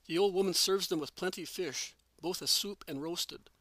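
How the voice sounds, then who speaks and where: A man reading devotional narration aloud at a steady, measured pace. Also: high voice, no room sound. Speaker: reader.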